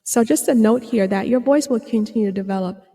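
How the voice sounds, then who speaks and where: Earnest woman podcaster with gravelly voice. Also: a little high, brisk, mellow, long reverb tail. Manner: earnest, rambling, many fillers and restarts. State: slightly hoarse, clearing her throat. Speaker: podcast host and psychotherapist. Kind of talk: reflective solo podcast talk.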